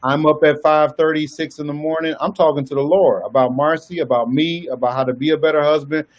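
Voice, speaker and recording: A man's voice: a little high, steady tone, fairly quick. Earnest man with a Southern US accent. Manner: earnest, testimonial, laughs easily. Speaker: married guest sharing advice. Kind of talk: casual church talk show chat.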